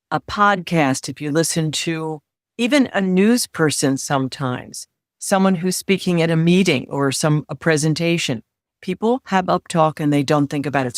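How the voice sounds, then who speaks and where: A middle-aged woman coaching on confidence in an interview, measured and instructive, repeating key phrases for emphasis. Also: low-pitched, no echo, studio quality. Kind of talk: advice in interview.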